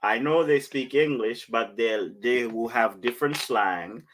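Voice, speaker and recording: A man's voice: mid-range voice, a little slow, a bit bright, slight background noise. A man hosting a casual podcast, reading viewer comments and pressing guests with teasing follow-up questions. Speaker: podcast host.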